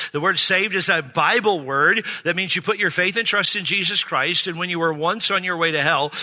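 Male pastor, sermon delivery, light and humorous, high pitch, reverberant sanctuary sound. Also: pushed and bright. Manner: joking, calls for amens from the congregation. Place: church sanctuary. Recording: hall reverb.

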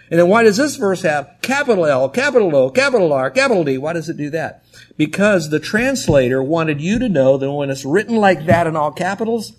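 Husky-voiced preacher telling stories. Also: male voice, a little high. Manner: conversational, emphatic storytelling preacher. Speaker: pastor. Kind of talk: sermon.

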